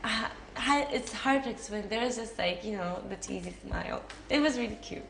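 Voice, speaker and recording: A woman's voice: fairly high pitch, moderate pace, gravelly. A young woman with a Japanese accent answering interview questions in a casual, chatty way, full of fillers and giggles. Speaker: interviewee, actress. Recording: echoey room with faint noise.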